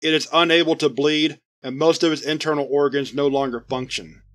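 A man narrating a scripted horror report in an even, report-like reading. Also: a little high, fairly quick.

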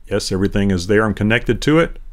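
Picked up by a ceiling beamforming array microphone, this product demo presenter talks fast in a lowish, lively voice. He walks through a conference audio setup in a loose, conversational way, full of fillers and restarts.

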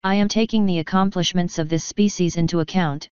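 A woman's voice: fairly low pitch, steady tone, brisk, a little mellow, smooth, no room sound, muffled recording, natural voice. A woman reading the part of an ambitious, exasperated female unicorn leader who lectures.

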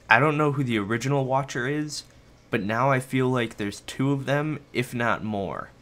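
Speaking in a mid-range, slightly bright voice, the young man plays a game at home in his bedroom and rambles along for his video. He's self-deprecating, a little breathless, and keeps talking to his viewers and his dog during the casual let's-play.

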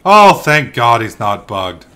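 A young man hosting a let's play, commentating excitably and shouting curses at the game. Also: medium pitch, slow, clean tone. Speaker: gaming channel host.

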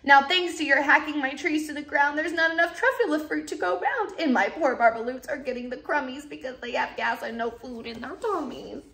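A woman's voice: high-pitched, a little fast, creaky, few pauses, sharp tone, slight background noise, voice pushed up, full character voice. A woman voicing a fussy little male forest creature who snaps and scolds. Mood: scolding. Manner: snappish, scolding. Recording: roomy echoey room.

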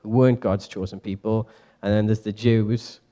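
A young man teaching a Bible passage to a church group in a casual, lively way, asking the audience questions and correcting himself as he goes. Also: on the low side, moderate pace. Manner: lively, chatty, quizzes the audience, self-correcting. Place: church meeting room.

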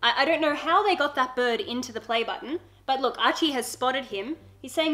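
Bright, earnest young woman vlogger. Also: high-pitched, a little fast, hardly any pauses, soft background music. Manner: earnest and emotional, with frequent giggles. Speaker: beauty YouTuber. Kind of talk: casual unboxing vlog.

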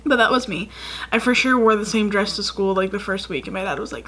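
A young woman in her twenties chats to her camera, rambling through childhood stories. Her voice sits at an ordinary middle pitch, and her talk is loose and full of "like" and "um". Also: fairly quick, a bit bright, slight background noise. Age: 20s. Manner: chatty, rambling, lots of "like" and "um". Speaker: vlogger. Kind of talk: casual storytelling to camera.

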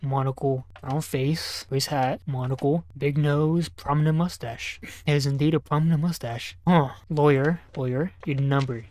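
This young man's voice sits on the high side with a darkish tone. A gaming YouTuber, he keeps up casual commentary while playing, cracking jokes and talking back to on-screen characters as he quietly reads out numbers and notes.

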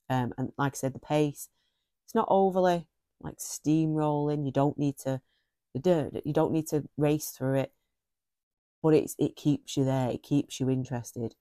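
Middle-aged woman, book reviewer, effusive, repeats herself, mellow tone, dry sound. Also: extremely low pitch, dry recording. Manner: effusive, repeats phrases for emphasis.

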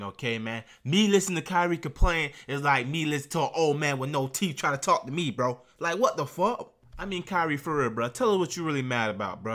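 A young man rants through a casual reaction vlog in a bright, forceful voice that sits a little high. He talks trash with brash slang and keeps tossing in bro and man. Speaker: YouTube reaction host.

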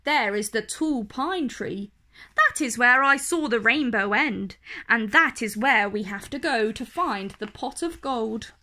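A friendly male bear who leads his friends along, read aloud by a woman. The voice is bright and slow-paced. It sounds gentle and encouraging, like a storybook. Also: on the high side, lively intonation. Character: friendly male bear, kind group leader.

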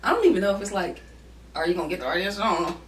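A woman's voice: mid-range voice, big pitch swings, racing, slight background noise. A woman co-hosting a couple's vlog, chatting casually and teasing her partner while talking to the viewers. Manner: playful, teasing, talks to viewers as y'all. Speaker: co-host of a couple's channel. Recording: echoey room, mic at a distance.

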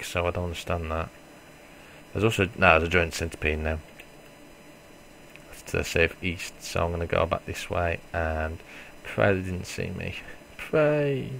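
Low and marked by vocal fry, a man's voice carries casual let's play commentary full of swearing and self-mockery. He reacts loudly, then mutters to himself, over slight background noise.

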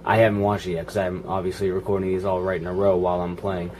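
A man's voice: deep voice, little pitch movement, fast talker, darkish tone, a little hiss or hum. A man giving casual, profane running commentary while playing a video game, grumbling and joking at it. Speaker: gaming channel host.

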